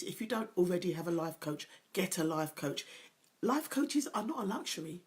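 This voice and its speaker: A woman's voice: lowish voice, a little mellow. A middle-aged woman hosting a motivational talk, earnest and emotional, pressing her points by repeating them. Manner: earnest, emphatic, repeats key phrases; openly emotional, personal. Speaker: host, confidence coach.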